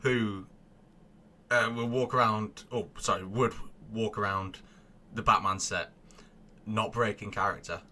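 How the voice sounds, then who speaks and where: A man hosting a podcast, asking questions in a casual, joking way with quick asides. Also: fairly low pitch, fairly even intonation, pushed and bright, a little hiss or hum. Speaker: podcast host, interviewer. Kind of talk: casual interview.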